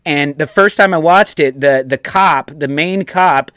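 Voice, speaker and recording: An American man in his forties tells stories with plenty of energy and laughs as he goes. His voice sits a little high for a man. It sounds close and dry, with no room around it. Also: a little slow, dry recording. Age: 40s. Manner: animated storyteller, laughs often. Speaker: guest. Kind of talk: casual podcast chat.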